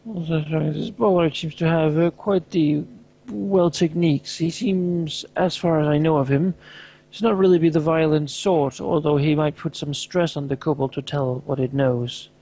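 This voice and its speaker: A man's voice: fairly high pitch, fairly even intonation, normal speed, gravelly, warm tone, slightly rough. A tabletop player voicing Laurel, a weary, pragmatic man, speaking dryly with hesitations. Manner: tired, dry, hesitant.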